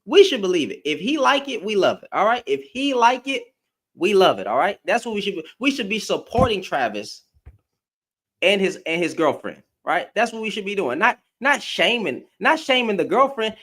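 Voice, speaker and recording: A man's voice: high-pitched, sing-song, moderate pace, a bit bright. A man giving a blunt, profane opinion rant to camera, firing off rhetorical questions as a commentary vlogger.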